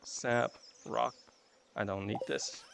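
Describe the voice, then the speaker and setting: Speaking slowly and steadily into a desk mic, a man rambles casually to his viewers while streaming a video game, often at his own expense. His mid-range voice is creaky and fairly bright, with slight background noise.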